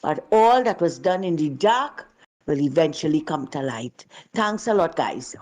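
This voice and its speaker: A woman's voice: low voice, expressive, a little slow, darkish tone. A woman calling in to a show, speaking emphatically and indignantly. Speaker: caller. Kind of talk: call-in political commentary.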